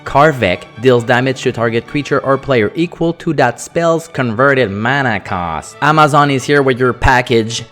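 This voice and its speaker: Man from France, native French speaker, host, card review, sarcastic, jokey, quick rules reading. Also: medium pitch, a bit bright, soft background music. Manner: sarcastic, jokey, rattles off card text fast.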